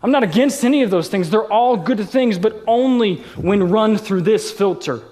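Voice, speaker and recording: Chatty joking pastor, high voice. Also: male voice, animated, moderate pace, dark tone. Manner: casual and joking, tells personal stories. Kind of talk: sermon. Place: church auditorium, live service. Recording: long reverb of a large church hall.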